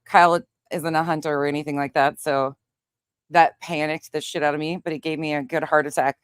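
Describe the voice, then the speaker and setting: A young woman from Montana, a livestream host chatting casually with viewers and telling a story in a profane, animated way. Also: sits low, brisk, smooth, no echo, studio quality. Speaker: livestream host reading chat.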